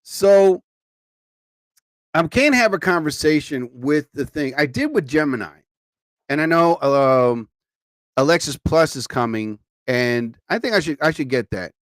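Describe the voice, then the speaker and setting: A man's voice: a little high, expressive, measured pace, no echo. A tired man hosting a live show, chatting casually and rambling, with frequent exclamations. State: sleepy, tired. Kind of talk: casual live-stream chat. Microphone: studio mic.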